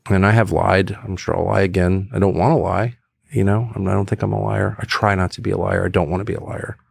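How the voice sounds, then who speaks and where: A middle-aged man talking as a podcast guest, blunt and animated, acting out quotes with sudden high bursts. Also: fast, creaky, slightly rough, dry recording. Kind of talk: casual conversation.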